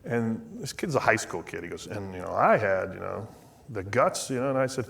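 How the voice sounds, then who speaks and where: A man's voice: lowish voice, expressive, brisk, vocal fry, fairly bright tone. A middle-aged man from the United States speaking as a guest at a shrine event, telling a rambling, self-mocking story with many asides and restarts. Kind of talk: storytelling talk. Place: shrine event before an audience.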